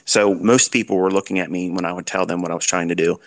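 A man's voice: sits low, steady tone, fast talker. A middle-aged man lecturing as a trading mentor, giving blunt fatherly advice with rhetorical questions. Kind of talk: lecture-style talk.

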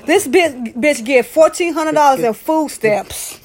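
A woman's voice: sits high, measured pace, a little mellow. A woman co-hosting a casual chat, ranting in a profane, comedic way.

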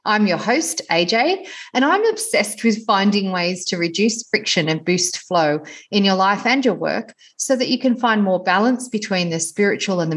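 Effusive woman podcast host. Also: medium pitch. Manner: warm, effusive praise of the guest. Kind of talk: scripted intro then casual interview.

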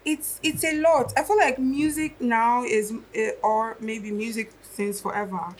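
A woman's voice: on the high side, fairly even intonation, unhurried, low-quality recording. A young adult woman, a musician and guest on a podcast, talking in a reflective, casual way and thinking aloud as she goes.

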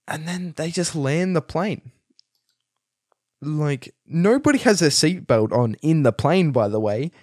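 A man's voice: mid-range voice, darkish tone, no echo, studio quality. A young man giving a casual, rambling film review, amused and full of fillers and restarts. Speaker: movie reviewer.

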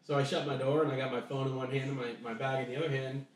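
A man's voice: mid-range voice, level tone, racing. A man on a podcast casually telling a long story, rambling with restarts and acting out bits of dialogue. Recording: echoey room, voice distant from mic.

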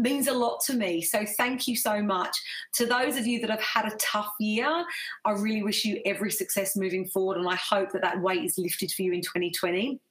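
A woman's voice: medium pitch, fairly bright tone. A woman hosting a live online group, chatty and effusive as she thanks her viewers and reads out their comments. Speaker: business coach hosting a live group session. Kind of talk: casual live stream sign-off.

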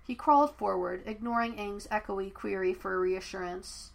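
A woman narrating fan fiction as an audiobook, telling the story in a steady, even way. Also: medium pitch, normal speed, gravelly.

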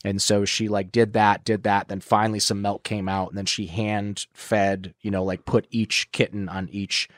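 A man with a lowish voice tells a rambling, profane story from his past, swearing freely. He livens up whenever he quotes someone else. The sound is dry and close, with no room around him. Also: normal speed, hardly any pauses, no room sound. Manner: rambling, profane, animated when quoting others. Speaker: guest in recovery. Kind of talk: candid storytelling interview.

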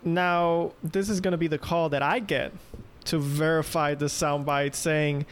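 A young man co-hosting a podcast, chatting casually and teasing with quick remarks. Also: on the high side, fairly even intonation, slight background noise. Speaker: podcast co-host. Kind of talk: casual chat.

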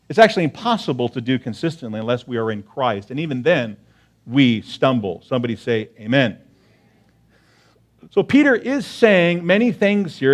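A man preaching a sermon to his congregation in a conversational way, often checking in with "right?" and repeating key phrases for emphasis. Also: on the high side. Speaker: pastor.

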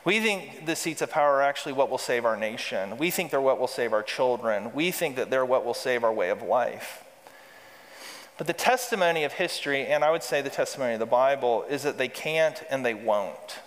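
A man's voice: mid-range voice, expressive, fairly quick. A man preaching a sermon as pastor, reading scripture aloud with emphasis and calling the congregation to repeat lines back. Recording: reverberant hall.

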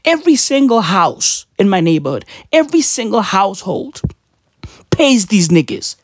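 A woman's voice: mid-range voice, sing-song, normal speed, dry recording, studio quality. A woman with a South African accent, ranting casually on a vlog with heavy swearing and slang. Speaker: vlogger. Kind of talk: profane casual rant.

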